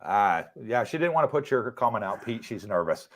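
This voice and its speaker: A man's voice: on the low side, very animated, a little fast. A middle-aged man with an English accent, hosting a casual livestream and reading out viewer comments in a chatty, teasing way. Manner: chatty, teasing, laughs often.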